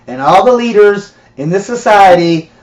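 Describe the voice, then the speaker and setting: A man's voice: high-pitched, lively intonation, moderate pace, a little mellow. A man telling a comic sermon story in a rambling way, laughing often. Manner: rambling, laughing, filler-heavy. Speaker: preacher. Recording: dull, roomy recording.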